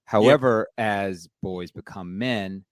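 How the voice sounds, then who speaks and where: A man's voice: fairly low pitch, takes it slowly, no echo. A middle-aged man speaking candidly and reflectively as a podcast guest, with lots of fillers. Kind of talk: casual interview chat.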